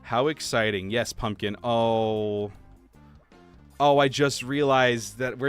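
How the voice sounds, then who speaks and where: A man chatting casually while live-streaming a game, talking to viewers and laughing softly. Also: mid-range voice, slow, clear, resonant tone, soft background music. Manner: chatty, animated, soft laughs. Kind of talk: casual livestream gameplay chat.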